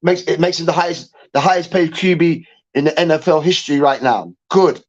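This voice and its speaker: A man hosting a sports show, ranting in an animated, emphatic way and repeating himself. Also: on the high side, brisk, lo-fi sound. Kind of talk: heated sports rant.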